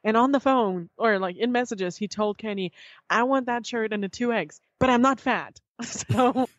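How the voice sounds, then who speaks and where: Woman, podcast guest, animated storyteller, swears freely, dull lo-fi sound, dry close mic. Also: fairly high pitch, normal speed, dry recording. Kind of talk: casual storytelling chat.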